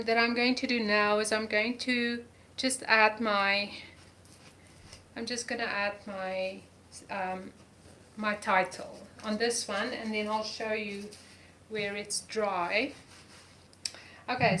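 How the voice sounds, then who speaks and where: A woman's voice: mid-range voice, steady tone, slow, sharp tone, a little hiss or hum. A woman teaching a live art journaling lesson, talking through each step as she paints and gushing over colors. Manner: enthusiastic about colors, repeats words.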